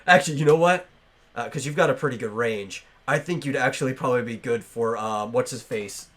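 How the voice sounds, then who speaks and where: A man's voice: medium pitch, a little fast, a bit bright. A man hosting a casual podcast, talking loosely with lots of fillers and restarts. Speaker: podcast host.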